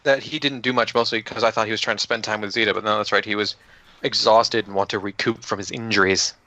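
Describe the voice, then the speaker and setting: A player recaps the last tabletop game session for his group, joking loosely and occasionally swearing. His lowish voice is steady in tone but fast, pushed and bright, and the audio is dull and lo-fi.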